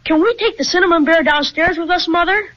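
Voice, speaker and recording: A performer voicing an eager, brave young boy in an old radio drama, excited and quick to shout. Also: very high voice. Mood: earnest. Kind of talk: 1930s radio acting. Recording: dull lo-fi old radio recording.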